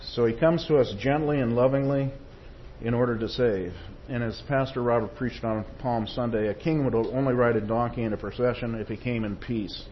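A man's voice: mid-range voice, fairly even intonation, normal speed, highs cut off, slight background noise. A man preaching a sermon, reading quotations with rising force and checking in with the congregation. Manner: tag questions to the congregation.

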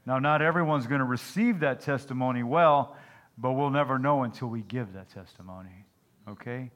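A male pastor delivers a folksy sermon in a mid-pitched voice. He weaves jokes into his preaching and keeps checking in with the congregation with "Amen?" and "okay?". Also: normal speed, a bit bright.

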